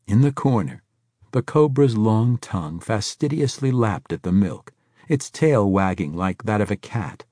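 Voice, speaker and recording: Audiobook narrator, male, low and husky, lively pitch, dry close recording. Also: measured pace, no echo.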